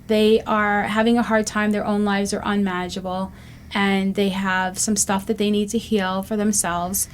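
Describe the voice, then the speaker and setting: A woman's voice: medium pitch, flat delivery, moderate pace, a little hiss or hum. A woman in her fifties hosting a recovery show, talking reflectively and earnestly with frequent ums. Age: 50s. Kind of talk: casual talk-show monologue.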